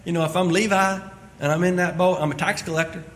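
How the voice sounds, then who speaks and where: A man preaching a sermon as pastor, swinging between loud emphatic lines and quiet low asides. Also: fairly even intonation, quick pace. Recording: echoey hall with long reverb.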